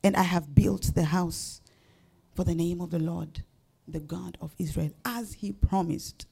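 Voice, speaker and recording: A woman's voice: on the low side, unhurried, creaky, mellow, husky. A woman pastor preaching a sermon, building up to emphatic rising questions.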